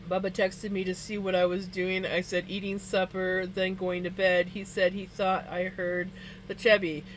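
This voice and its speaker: A woman's voice: lowish voice, monotone, normal speed, a little hiss or hum, low-quality recording. A woman chatting casually with her livestream viewers, laughing often as she talks. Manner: giggly, laughs often between words. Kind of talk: casual chat with viewers while spinning wool. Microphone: streaming setup.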